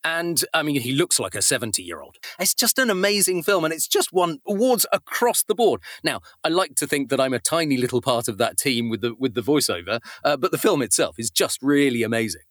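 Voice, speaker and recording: A man who works as a voice actor chatting as a podcast guest, relaxed and self-deprecating. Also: mid-range voice, fairly quick, few pauses, dry recording, studio quality. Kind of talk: casual interview chat.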